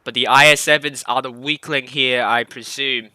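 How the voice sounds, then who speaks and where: Bright, dry-voiced male game commentator. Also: medium pitch, fairly even intonation, moderate pace, no echo. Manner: rambling, self-correcting play-by-play with hiccups. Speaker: esports caster.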